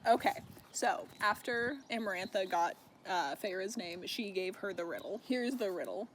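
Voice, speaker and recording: A man's voice: high voice, normal speed, fairly bright tone, a little hiss or hum. A young man casually recapping a novel, chatty and swearing freely. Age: young adult. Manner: chatty, swears, laughs while recounting. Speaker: book vlogger.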